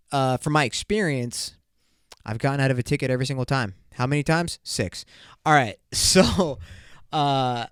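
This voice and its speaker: Young male solo podcaster, crude loose banter, smooth voice, dry recording. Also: mid-range voice, no room sound. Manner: loose, crude, rambling banter with bursts of excitement. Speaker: podcast host. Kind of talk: casual solo podcast rant.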